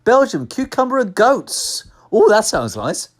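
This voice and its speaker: With a high, sing-song voice and an unhurried pace, this English man from the UK co-hosts a podcast. He's jokey, reads lists out in the casual conversation, and drops into a put-on cockney accent.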